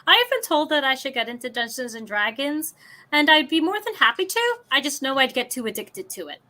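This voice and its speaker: A woman's voice: sits high, very animated, brisk, pushed and bright. A woman chatting eagerly as a guest on a casual stream. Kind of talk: casual chat.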